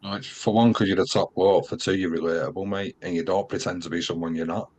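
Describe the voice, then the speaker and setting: A man's voice: low-pitched, steady tone, fast, a little mellow, husky. A man hosting a podcast, cheering on his guest and calling him "mate". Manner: encouraging, calls the guest "mate". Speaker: podcast host. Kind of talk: casual interview chat.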